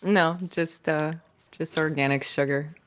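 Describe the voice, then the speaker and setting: Woman podcast guest, low voice, soft-spoken, dry close recording. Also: fairly even intonation, measured pace, no echo. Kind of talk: casual chat.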